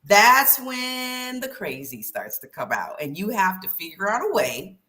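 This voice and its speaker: A woman, a former middle school teacher, being interviewed on a livestream, telling lively stories and acting out voices. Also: low voice, moderate pace. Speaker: guest author and former teacher.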